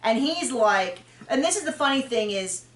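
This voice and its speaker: A woman hosting a podcast, chatting frankly and opinionatedly about a reality show, with quick asides and self-corrections. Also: a little high, expressive, a bit bright. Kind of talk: casual opinionated chat. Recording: roomy distant mic.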